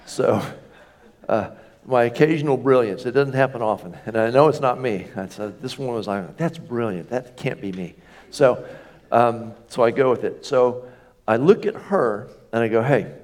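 A man's voice: medium pitch, a little mellow. Folksy storytelling pastor, a man. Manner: folksy, self-deprecating humor, rhetorical questions. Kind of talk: conversational storytelling sermon.

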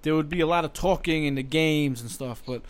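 Easygoing young man, slightly high voice. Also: a little fast. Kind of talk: casual podcast chat.

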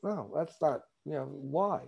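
A man's voice: on the high side, measured pace, gravelly, a little mellow, slightly rough. A man sharing his personal story at a recovery support meeting, candid and conversational, often repeating words as he gathers his thoughts.

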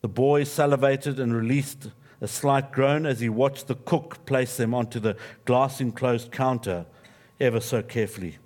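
A man preaching in church, telling a story and leading a prayer in a steady, reverent voice. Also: medium pitch, normal speed. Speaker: pastor. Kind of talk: sermon with storytelling and closing prayer.

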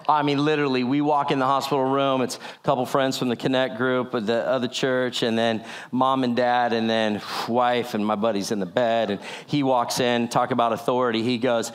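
A man tells a story from the pulpit at an ordinary middle pitch. He acts out each person's lines, often in a lower voice. He keeps the testimony animated and full of laughter. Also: brisk, hardly any pauses. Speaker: speaker sharing a testimony.

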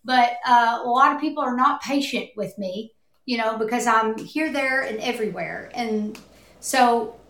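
A woman's voice: on the high side, unhurried, a bit bright. A woman chatting casually on a podcast, rambling and heartfelt as she tells a personal story. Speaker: podcast guest. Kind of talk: casual chat. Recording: echoey room.

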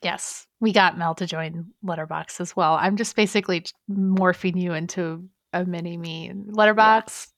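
A woman's voice: lowish voice, fairly even intonation, normal speed, hardly any pauses, no room sound. Giggly gaming podcast co-host lady, chatty, dry close mic. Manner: chatty, giggly, with many fillers. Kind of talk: casual chat.

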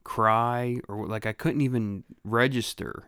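Male co-host, gravelly voice, dry close mic, swears through his stories. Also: mid-range voice, fairly even intonation, a little slow, a bit bright, no room sound. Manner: profane storyteller. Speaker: podcast co-host. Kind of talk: casual chat.

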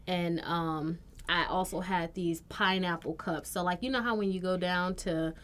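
A woman in her thirties with a lowish voice co-hosts a podcast and chats casually about her family. She rambles through her stories, full of "like" and "um" fillers. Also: fairly even intonation, moderate pace, fairly bright tone. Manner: chatty storyteller with many fillers. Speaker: podcast co-host. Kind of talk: casual chat.

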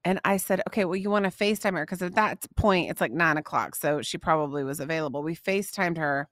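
A woman, hosting a podcast and telling a family story in a gushing, animated way, laughing often. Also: lowish voice, fast, no echo, clean studio sound. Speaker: podcast host. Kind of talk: casual storytelling to listeners.

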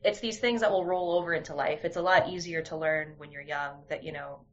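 A young woman with a low, steady voice speaks briskly as a guest in a casual conversation, candidly telling stories with many restarts. The sound is dull and lo-fi.

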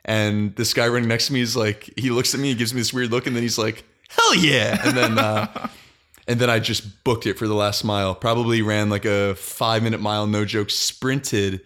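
A young man telling a long personal story in casual podcast chat, halting often and restarting his sentences. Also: fairly low pitch, fairly even intonation, fairly bright tone. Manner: halting, frequent restarts and fillers.

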